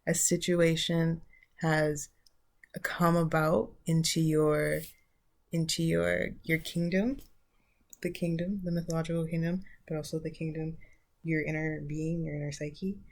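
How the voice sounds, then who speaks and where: A woman's voice: low-pitched, level tone, a little slow. A woman vlogger giving a casual spiritual talk, loose and searching as she thinks aloud.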